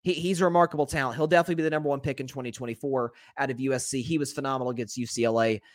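A man's voice: medium pitch, fairly even intonation, no echo, clean studio sound. A man hosting a solo sports talk podcast, speaking in an opinionated, candid way, addressing his listeners directly and correcting himself as he goes. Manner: opinionated and candid, talks straight to listeners as folks; conversational with quick self-corrections.

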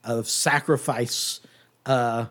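A man's voice: mid-range voice, very slow. A young man running a tabletop game as game master, talking loosely with many fillers and restarts. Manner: relaxed, hesitant, many fillers.

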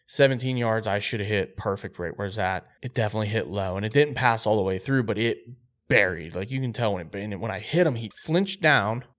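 A man co-hosting a podcast, telling a hunting story in an animated, excitable way. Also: on the low side. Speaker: podcast co-host.

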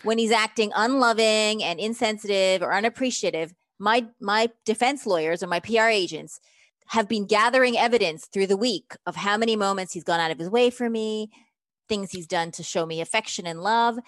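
A woman relationship coach, speaking as an interview guest, lively and emphatic, acting out quoted lines as she explains her method. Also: mid-range voice, normal speed, dry recording, studio quality.

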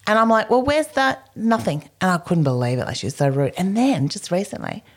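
A middle-aged woman, telling stories in casual chat, animated and blunt, swearing freely, recorded in a hotel room. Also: on the low side, fairly quick, breathy edge.

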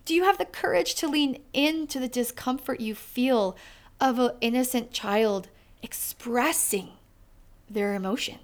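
A woman's voice: on the high side, measured pace. A woman hosting an interview, speaking thoughtfully and emphatically and repeating her points for weight. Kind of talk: conversational interview.

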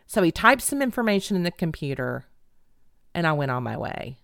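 A middle-aged woman telling a funny personal story in an animated, dramatic, self-mocking way. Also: deep voice, a little fast, vocal fry, no echo, studio quality. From Texas.

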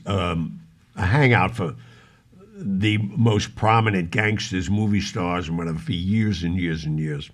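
A man co-hosting a podcast, slowly recounting his own memories in a casual storytelling way. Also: lowish voice, slightly rough. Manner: slow, unhurried recounting of personal memories. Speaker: podcast co-host.

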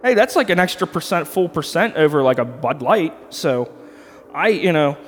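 A man's voice: on the high side, lively intonation, moderate pace. Rambling, crude podcast guy with reverb. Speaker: podcast co-host. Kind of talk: casual beer review chat. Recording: long reverb.

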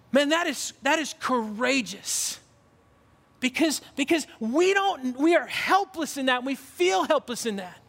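The preacher's voice is very high, creaky, and a bit bright as he delivers an earnest, emphatic sermon, frequently backing up to restart phrases. Long reverb from a large hall fills the recording.

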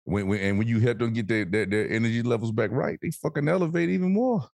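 A man co-hosting a podcast in casual chat, animated and swearing freely, acting out voices as he tells stories. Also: mid-range voice, quick pace, gravelly, dry recording. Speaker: podcast co-host.

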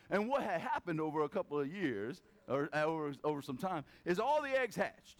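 A male pastor with a slightly high voice preaches a casual sermon at an ordinary pace. He tells stories with animation and acts out the different voices as he goes.

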